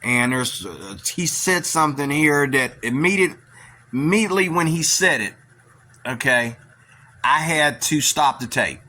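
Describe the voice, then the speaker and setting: Male commentator, bright and sharp-edged voice, blunt rambling opinions. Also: fairly high pitch, animated, measured pace. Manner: blunt, opinionated, keeps asking "okay?". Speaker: video commentator.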